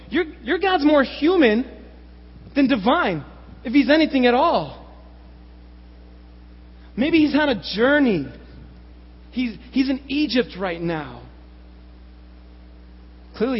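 A man with a very high, husky voice delivers a sermon with sweeping, lively intonation. He works through rhetorical questions and sarcastic asides. The lo-fi recording carries a long hall reverb. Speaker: preacher.

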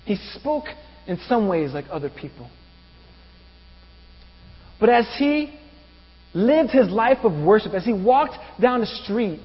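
A pastor preaching a sermon, asking the congregation rhetorical questions. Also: male voice, high voice, husky. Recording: dull reverberant room with mains hum.

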